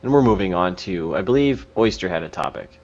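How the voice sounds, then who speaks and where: A man hosting a casual podcast, briskly steering the talk from one topic to the next. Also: sits low, expressive, a little mellow, lo-fi sound.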